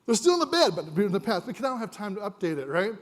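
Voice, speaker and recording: Male conference presenter, high-pitched, casual and joking, a bit winded, quizzes the audience. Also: very animated, fast. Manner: conversational, jokey, asks the audience questions. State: a little winded.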